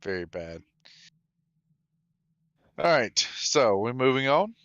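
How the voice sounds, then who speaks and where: A male co-host making wry, critical remarks in a casual live chat. His voice is bright, crisp and smooth, but the recording is a little dull and lo-fi, with no room sound. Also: mid-range voice, big pitch swings, slow pace, no room sound. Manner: wry, critical and dry-humoured. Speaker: podcast co-host.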